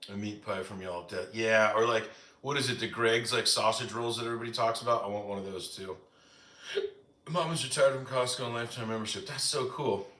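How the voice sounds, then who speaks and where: A man's voice: fairly low pitch, a little fast, pushed and bright, roomy sound. A man hosting a casual live stream from the United States, chatting with viewers and answering their comments, with lots of "like" fillers. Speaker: live-stream cooking host.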